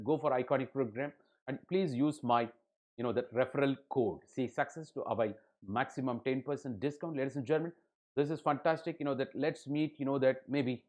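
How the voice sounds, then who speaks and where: A man lecturing, emphatic and full of "you know" and "ladies and gentlemen". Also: medium pitch. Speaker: online exam-prep lecturer.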